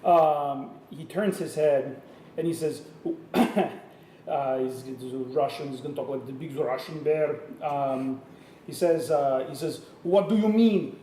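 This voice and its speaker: A man narrating as game master of a tabletop game, halting with fillers and restarts, in an echoey room with faint noise. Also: mid-range voice, fairly even intonation, warm tone, far from the mic. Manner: halting, many fillers and restarts, laughs at himself.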